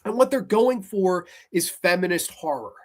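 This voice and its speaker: A man's voice: high-pitched, animated, normal speed. A man reviewing a horror film in a heated, exasperated rant full of profanity.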